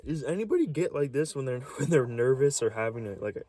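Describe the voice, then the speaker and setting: A man with a warm, mid-range, sing-song voice talks fast in a rambling casual vlog about a strange experience. Nervous and shaky, he stammers and restarts words, his voice swinging up and down.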